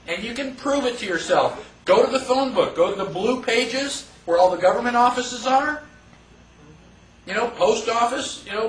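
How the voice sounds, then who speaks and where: A man teaching a live class in a casual, conversational way, asking the room rhetorical questions and acting out quick mock quotes. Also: extremely high pitch, fairly bright tone, slight background noise. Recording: echoey room from far off.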